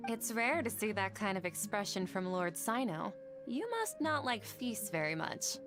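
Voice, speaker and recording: A woman's voice: medium pitch, big pitch swings, normal speed, music in the background, lightly acted. A woman voicing a polite, formal character in a game, speaking in a courteous and earnest way.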